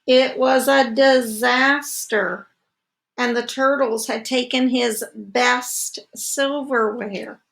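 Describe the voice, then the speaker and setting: A woman teacher reading a picture book aloud to children, slow and expressive, with asides to her listeners. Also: fairly high pitch, gravelly.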